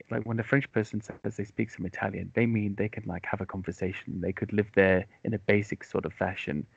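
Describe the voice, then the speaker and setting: A man's voice: on the low side, creaky, husky, no room sound. A British man hosting a casual chat, talking in a chatty, self-mocking and rambling way. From United Kingdom. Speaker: podcast host. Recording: dry, dull lo-fi sound.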